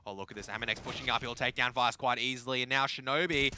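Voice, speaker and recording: A man calling a competitive shooter match with quick play-by-play and playful banter. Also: mid-range voice, fairly even intonation, pushed and bright, a little hiss or hum. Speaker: esports caster. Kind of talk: play-by-play commentary.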